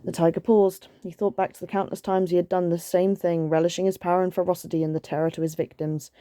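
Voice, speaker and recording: Soft-spoken lady reading a kids book aloud, gentle, bit low, mellow. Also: flat delivery, quick pace, no room sound, studio quality. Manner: gentle and soothing, with chatty asides. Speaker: storytime reader.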